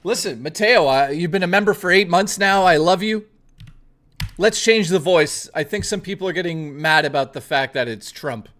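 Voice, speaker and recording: A man's voice: a little high, fairly bright tone. A young man livestreaming, casually reading out viewer messages and riffing on them with plenty of swearing. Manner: loose, profane, reads viewer messages aloud and riffs on them. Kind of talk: casual live stream chat.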